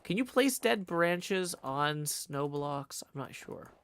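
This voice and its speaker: A man's voice: on the high side, animated, takes it slowly, a bit bright, smooth. A man streaming live, chatting casually and thinking aloud as he plays, often correcting himself mid-sentence. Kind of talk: casual livestream chat while playing a game.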